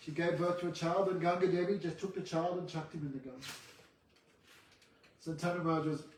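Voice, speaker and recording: A man retells a scripture story to a class, breaking off to quiz and tease his students. His voice sits a bit high, and the mic picks him up from a distance in a roomy, echoing space with faint noise. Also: steady tone, brisk, darkish tone. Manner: chatty, joking asides to students. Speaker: teacher of a religious class.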